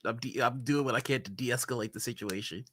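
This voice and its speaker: Man, tabletop player, very bright sharp voice, calm, matter-of-fact. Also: mid-range voice, brisk. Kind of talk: tabletop game play.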